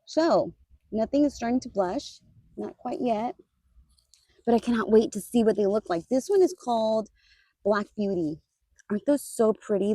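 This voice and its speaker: Garden vlogger, woman, casual and chatty, talks straight to viewers, mellow voice, dry sound. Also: mid-range voice, dry recording. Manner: chatty, addresses viewers as "you guys", laughs easily. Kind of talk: casual garden tour vlog. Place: outdoors in a garden.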